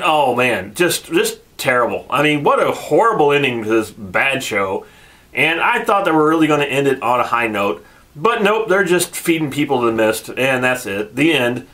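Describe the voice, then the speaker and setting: A man's voice: fairly high pitch, pushed and bright. A man hosting a casual video review, sarcastic and laughing often as he retells scenes. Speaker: channel host reviewing a TV episode.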